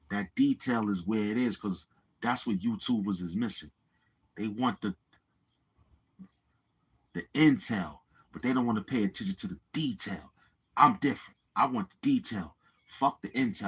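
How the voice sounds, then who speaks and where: A man's voice: lowish voice, moderate pace, pushed and bright, breathy edge, poor audio. A man chatting casually on his livestream, rambling and swearing as he talks straight to his viewers. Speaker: YouTube livestreamer.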